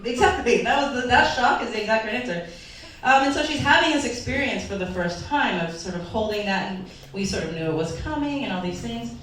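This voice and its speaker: A woman pastor gives an earnest, emotional sermon, her fairly high, somewhat bright voice lively in intonation and fairly quick with few pauses; at times it wavers as if she's near tears. She's recorded from far off in an echoey hall, with slight background noise.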